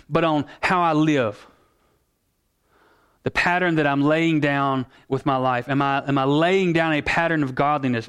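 A male pastor preaching a sermon in an earnest, emphatic way, slowing down to stress key words. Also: fairly high pitch, a bit bright, clean tone.

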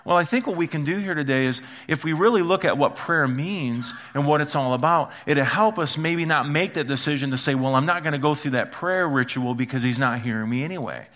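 Bright-voiced pastor preaching with playful humor. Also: male voice, on the high side, a little fast, hardly any pauses. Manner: playful storytelling, acts out yelling and whispering. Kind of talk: sermon.

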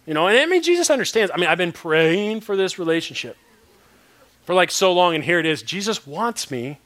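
A man's voice: high voice, big pitch swings, fairly quick, a bit bright. A man playing a reluctant churchgoer who rambles hesitantly through excuses. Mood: whiny excuses.

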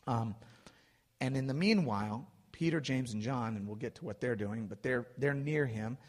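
Male pastor, mid pitch, expressive sermon delivery, long hall reverb. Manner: expressive, slows and swells when quoting scripture.

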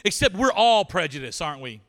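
A man preaching a sermon in a church, retelling a story with animated voices for the characters. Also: high voice, brisk. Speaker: pastor. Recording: reverberant church hall.

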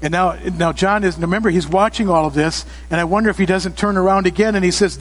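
Male pastor with a high voice, emphatic sermon, long church reverb. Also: fairly even intonation, fast, few pauses. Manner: emphatic, rising to loud exclamations. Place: church sanctuary.

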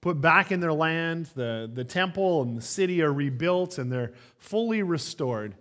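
Male pastor, sermon delivery, conversational and story-driven, a touch high-pitched. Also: animated, unhurried, fairly bright tone. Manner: conversational storytelling with frequent fillers. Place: church.

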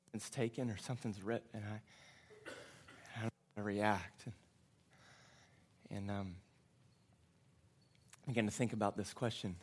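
A man's voice: lowish voice, steady tone, measured pace, pauses often, slightly rough. A man preaching a sermon, telling a story in an earnest, reflective way and often repeating his words.

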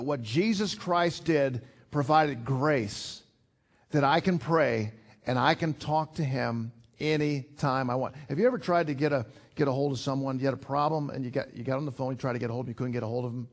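An older man preaching a sermon in an earnest, conversational way. He repeats himself often and builds to emphatic rises. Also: medium pitch. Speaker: pastor.

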